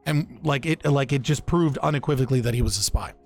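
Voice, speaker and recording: A man's voice: mid-range voice, quick pace, faint music behind. A young man casually recounting political history on a podcast, loose and profane, often restarting his sentences. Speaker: podcast speaker.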